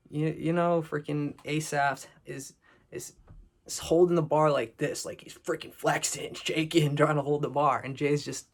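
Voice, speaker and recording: A man's voice: fairly high pitch, creaky. A man from Boston giving a rambling, profane, joking recap of a reality show episode. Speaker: recap video host. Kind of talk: casual recap commentary.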